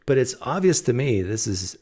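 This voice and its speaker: A man's voice: mid-range voice, very animated, normal speed, mellow, slightly rough. A man hosting a call-in show, chatting casually and with amusement, with loose phrasing and fillers. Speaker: host. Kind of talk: casual commentary.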